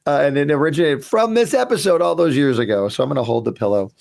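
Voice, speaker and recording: A man's voice: fairly high pitch, expressive, quick pace, vocal fry, darkish tone. A man who created a cartoon, chatting casually as he reacts to an old episode and tells anecdotes, with ums and restarts.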